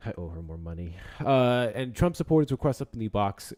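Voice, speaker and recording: A man's voice: mid-range voice, sing-song, fairly quick, hardly any pauses, darkish tone. A man hosting a casual livestream, joking, swearing and reading out donations to the chat. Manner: profane, joking, reads out donations. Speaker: livestream host.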